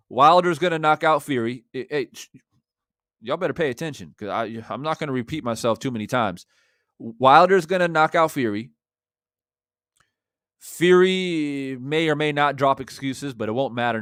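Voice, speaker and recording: A man's voice: mid-range voice, a bit bright, dry recording, clean studio sound. A man hosting a live-stream about boxing who reads out viewer chats. He talks in a brash, confident way and speaks straight to his viewers. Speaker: boxing YouTuber. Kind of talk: live-stream commentary reading super chats.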